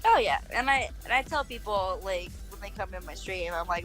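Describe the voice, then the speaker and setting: A woman's voice: mid-range voice, animated, normal speed, fairly bright tone, soft background music. Blunt laid-back woman guest. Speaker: guest streamer. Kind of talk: casual chat.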